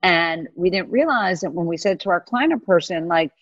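A middle-aged woman in a casual interview, telling animated stories about her career and acting out the voices of people she quotes. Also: lowish voice, moderate pace, no echo, highs cut off. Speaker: guest, venture capitalist. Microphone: video call mic.

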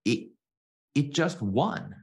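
A man's voice: medium pitch, slow pace. A middle-aged man, a guest entrepreneur on a podcast, telling stories in casual conversation and acting out quoted exchanges with a raised voice. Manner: animated storyteller, acts out quoted exchanges in a raised voice.

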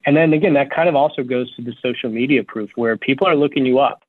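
A man's voice: mid-range voice, fast, no echo. Man on a tinny, dry phone line. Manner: energetic, practical, repeats words while thinking. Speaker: law firm owner, guest. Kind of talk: interview conversation.

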